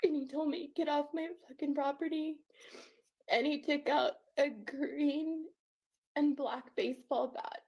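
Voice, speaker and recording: High, gravelly woman on a lo-fi line. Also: steady tone, a little slow, darkish tone. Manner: tearful, earnest storytelling. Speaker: guest on a call-in show. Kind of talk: emotional first-person account.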